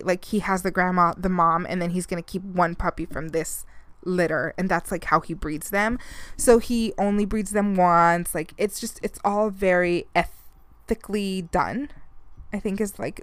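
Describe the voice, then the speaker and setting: A woman's voice: lowish voice, no echo. A woman podcast host who is also a mother, telling a story in casual chat, with lots of fillers and frequent laughs. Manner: chatty storytelling, many fillers, laughs often.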